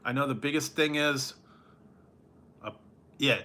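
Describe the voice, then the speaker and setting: This tired food reviewer hangs out with live viewers on a late-night stream, his medium-pitched voice carrying a sharp tone. He drawls slowly, wanders from topic to topic, and laughs frequently.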